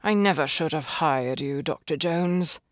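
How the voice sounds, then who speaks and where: Casting: cold, moralizing Victorian doctor, acid and dry-toned as a reader puts him on. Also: male voice, fairly high pitch, measured pace, fairly bright tone, no room sound. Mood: stern. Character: stern pompous older male Victorian doctor.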